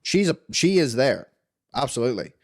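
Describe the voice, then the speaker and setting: A man in casual podcast chat, pitching scenes with plenty of profanity. His voice sits at an ordinary middle pitch, and he slips into quick character voices as he acts things out. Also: big pitch swings, darkish tone. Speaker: podcast co-host.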